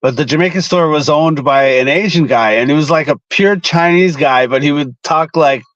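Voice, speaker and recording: A man's voice: a little high, normal speed, a bit bright, no echo. A man telling a story casually and laid back, dropping "dude" often. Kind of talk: casual chat. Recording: dull muffled sound.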